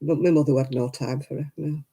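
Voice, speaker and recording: Older woman, very dark mellow voice, chatty, rambling anecdotes. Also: sits low, fairly even intonation, brisk, slightly rough, poor audio. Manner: chatty, rambling anecdotes with frequent "you know" asides. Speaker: crafting livestream host. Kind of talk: casual storytelling chat.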